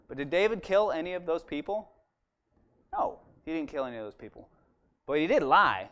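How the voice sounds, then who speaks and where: High-voiced man telling a Bible story casually. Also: brisk. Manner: chatty, animated, asks "right?" often. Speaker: church speaker. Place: church.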